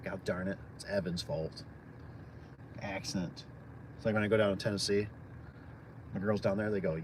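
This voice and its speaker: A man's voice: low voice, steady tone, normal speed, pauses often, noisy background. A man from Michigan chatting casually on a live stream, rambling and friendly with lots of fillers. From Michigan, USA. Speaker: small business owner live-streaming.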